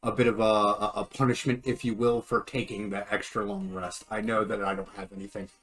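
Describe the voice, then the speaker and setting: A man playing in a tabletop game, speaking in a hesitant, halting way. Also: fairly low pitch, flat delivery, a bit bright. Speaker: player.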